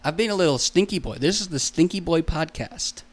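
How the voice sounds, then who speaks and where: A man's voice: on the high side, expressive, brisk. A young man hosting a solo podcast alone in a room, goofy and self-mocking, rambling and swearing a lot.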